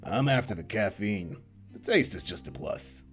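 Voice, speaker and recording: Man doing deadpan teasing courier, deep voice, lively intonation. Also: normal speed, soft background music, close to an everyday voice. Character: calm teasing young deliveryman. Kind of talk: visual novel voice reading.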